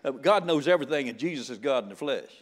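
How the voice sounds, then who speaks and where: A man's voice: medium pitch, animated, quick pace. An older man giving a sermon as a guest preacher. He jokes in a folksy way and often stammers into restarts.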